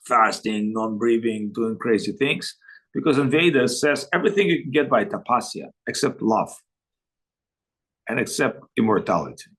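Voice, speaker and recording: A man acting as a spiritual teacher, giving a talk over a video call. He tells joking anecdotes in halting, broken phrasing. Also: medium pitch, expressive, a bit bright, slightly rough, poor audio. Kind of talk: spiritual talk answering questions.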